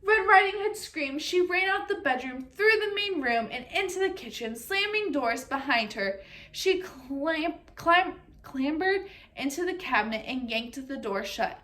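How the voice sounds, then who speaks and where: A woman reading a children's storybook aloud, expressively, pausing to ask her listeners questions. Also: high voice, expressive, bright, forceful tone.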